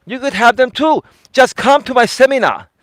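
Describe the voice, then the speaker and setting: A man playing a pushy seminar salesman from a TV ad, his voice thrown up high and loud in a hard sell. The sound is close and dry. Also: moderate pace, dry recording.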